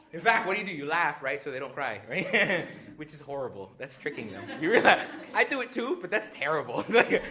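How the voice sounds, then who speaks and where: Animated joking priest giving a retreat talk. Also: male voice, a little high. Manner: joking and animated, acts out little voices. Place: retreat hall with audience.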